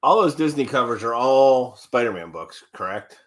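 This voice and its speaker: Bright-voiced man ranting bluntly. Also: mid-range voice, expressive, normal speed. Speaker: co-host. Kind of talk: casual livestream chat.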